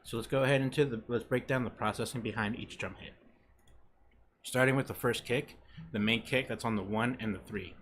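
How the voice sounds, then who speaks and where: A young man hosting a casual music production tutorial, swearing freely and counting beats out loud. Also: medium pitch, brisk, slight background noise. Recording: music playing underneath. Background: music playing.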